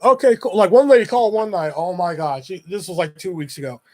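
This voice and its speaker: A man's voice: sits high, lively intonation, mellow. A young man rambling through profane stories about customers at his pizza job, acting out both sides of each call. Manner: profane, rambling, acts out customers in quick voices. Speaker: pizza shop worker telling stories. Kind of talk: casual profane storytelling.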